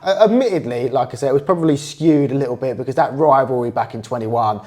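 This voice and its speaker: Man, 30s, quick-fire, stammering podcast co-host who swears a lot. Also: medium pitch, a little mellow. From Britain. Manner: fast, stammering restarts, swears freely. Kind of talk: casual chat.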